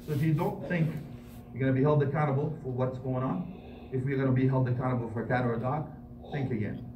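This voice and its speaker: A man giving an impassioned sermon as an imam, switching into quick Arabic recitation and building to emphatic peaks. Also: a little high. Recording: echoey hall, mic at a distance, faint noise.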